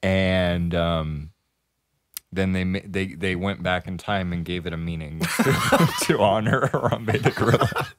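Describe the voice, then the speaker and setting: A man's voice: deep voice, unhurried, no room sound, studio quality. A man hosting a casual live-stream podcast, reading chat messages aloud and laughing often. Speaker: podcast host.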